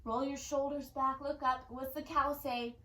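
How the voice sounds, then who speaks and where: Young woman guiding kids thru yoga, upbeat and encouraging, pretty high voice. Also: level tone, a little slow, rough recording. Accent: Californian. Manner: gentle, playful, encouraging. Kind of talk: guided kids yoga class.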